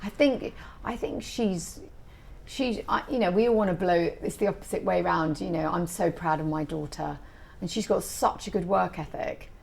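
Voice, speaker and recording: Lively, chatty middle-aged woman author. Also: lowish voice, normal speed, vocal fry. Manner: animated, chatty storytelling. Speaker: author guest. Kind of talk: casual interview chat.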